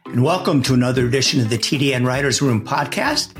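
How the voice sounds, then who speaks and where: A man's voice: mid-range voice, animated, fast talker, faint music behind. A man hosting a podcast, giving conversational introductions and asking interview questions. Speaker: podcast host, correspondent.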